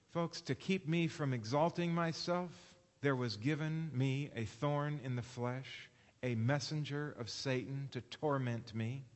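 A man preaching a sermon, asking the listeners questions and slowing down to read scripture aloud. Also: medium pitch, long reverb tail. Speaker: pastor.

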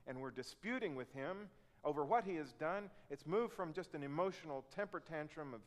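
A man's voice: a little high, lively intonation, brisk. A man preaching a sermon, reading scripture and explaining it earnestly, acting out complaints in a raised voice. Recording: long hall reverb.

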